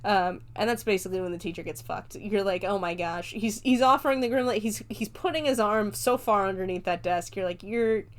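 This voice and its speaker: A woman's voice: mid-range voice, fairly quick, few pauses. A woman hosting a podcast, recapping a film in a chatty, rambling way, swearing casually and laughing often. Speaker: podcast host reviewing a film.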